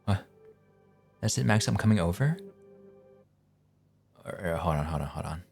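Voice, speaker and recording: Low-voiced man streaming a game. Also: animated, moderate pace, creaky, a little mellow, soft background music. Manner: thinking aloud, hesitant with restarts and fillers. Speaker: streamer playing a story game. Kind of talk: casual live-stream commentary.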